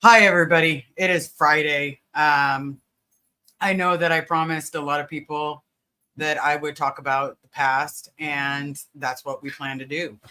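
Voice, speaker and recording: A woman's voice: deep voice, fairly even intonation, a little slow, pushed and bright. A woman hosting a casual livestream, greeting viewers by name and talking with many fillers. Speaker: livestream host.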